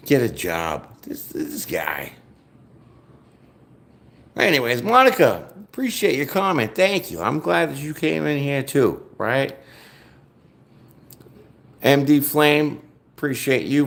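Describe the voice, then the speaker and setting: A man's voice: mid-range voice, sing-song, unhurried, creaky, roomy sound. A man giving a casual live-stream tarot reading, talking straight to his viewers in a loose, profane way. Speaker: tarot reader.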